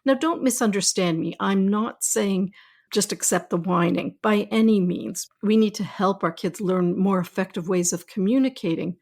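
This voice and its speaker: A middle-aged woman pediatrician hosting a podcast, speaking in a calm, reassuring, explanatory way. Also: mid-range voice, moderate pace. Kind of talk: scripted podcast talk.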